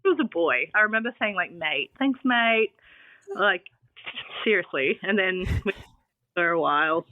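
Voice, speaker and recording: An Australian woman, a guest on a casual podcast interview, tells her birth story in a lowish, animated voice at a moderate pace. She's chatty and uses many fillers like "um" and "like." The recording is dry and phone-like, with no room sound.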